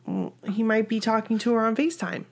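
This woman in her forties is from Maine, USA, and speaks with a Maine accent. Her voice is a little high and darkish, and she talks fairly quickly in a casual, upbeat chat as a podcast co-host.

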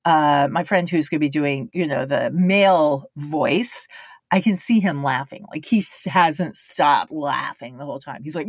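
A woman's voice: sits low, moderate pace, slightly rough, no echo, studio quality. A woman who works as a voice actor, telling stories casually and acting out other people's lines. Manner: animated, acts out other people's lines in quotes. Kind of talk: casual storytelling to camera.

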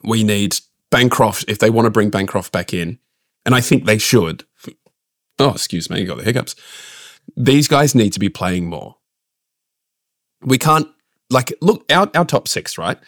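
Low-voiced man ranting. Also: lively intonation, measured pace, long pauses, fairly bright tone, no echo, studio quality. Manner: opinionated, ranting. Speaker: podcast co-host. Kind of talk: casual cricket podcast chat.

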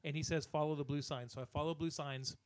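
A man co-hosting a podcast, telling a profane, animated story in a casual rant and voicing the people in it. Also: fairly high pitch, fast talker, no room sound. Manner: animated, profane, acts out other people's lines. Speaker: podcast co-host.

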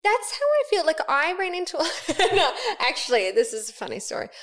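Lively high-voiced woman co-host. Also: moderate pace. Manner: animated, laughing storyteller. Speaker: podcast co-host. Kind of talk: casual chat.

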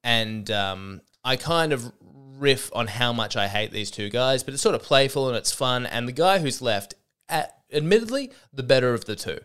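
Lively man telling a stage story. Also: medium pitch, normal speed, clean tone. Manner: animated, profane, acts out quoted voices. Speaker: comedian podcast host. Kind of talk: casual storytelling monologue.

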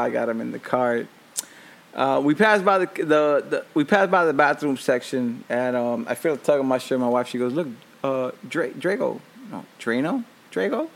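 A man hosting a show, telling a comic story about his week in an animated, profane way and laughing at his own jokes. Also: medium pitch, gravelly. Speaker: host.

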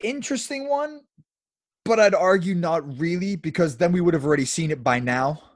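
A man's voice: fairly high pitch, animated, moderate pace, no room sound, studio quality. A man co-hosting a football podcast, chatting casually with frequent laughs and hedging asides. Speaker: podcast co-host.

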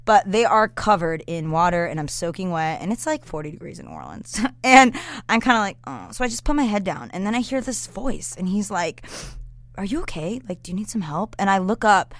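Lively young woman telling a story. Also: mid-range voice, brisk, no room sound. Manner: animated, giggly, acts out quotes in voices. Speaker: podcast co-host. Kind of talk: casual storytelling chat.

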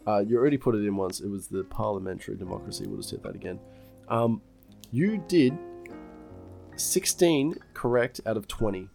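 A man's voice: fairly low pitch, lively intonation, normal speed, vocal fry, darkish tone, faint music behind. Young Australian man bantering on a podcast. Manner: laughs often, reads quiz questions aloud, swears casually. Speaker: podcast co-host.

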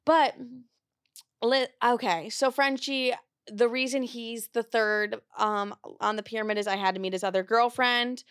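Young woman host, higher voice, profane and frank, dry close mic. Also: steady tone, unhurried, a bit bright, clear, resonant tone, no echo. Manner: blunt, profane storytelling with acted-out quotes. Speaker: podcast host. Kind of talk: casual confessional chat.

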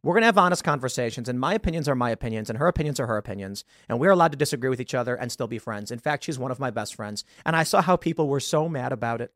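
A fired-up man in his thirties rants through a podcast monologue, his voice bouncing up and down in pitch as he argues his point. He stumbles over restarts and pushes hard on key words. The sound is close and dry. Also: rapid-fire, few pauses, no room sound. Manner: animated and combative, with emphatic outbursts and stammered restarts. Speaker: podcast host. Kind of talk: opinionated monologue.

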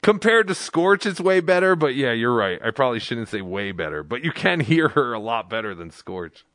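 A man with a mid-pitched voice and a dry, close sound, chatting loosely as he reacts to a clip. He talks wryly, with plenty of "like" and offhand asides. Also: very animated, normal speed, a bit bright, dry recording. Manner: chatty, wry, lots of "like". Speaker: podcast host. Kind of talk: casual commentary on a clip.

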